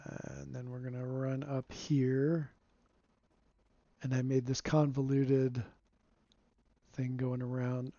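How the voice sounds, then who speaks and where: Slow, mellow man chatting over gameplay. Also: medium pitch, no echo. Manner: relaxed, rambling, chuckles often. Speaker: game streamer. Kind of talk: casual gameplay commentary. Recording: dull lo-fi dry sound.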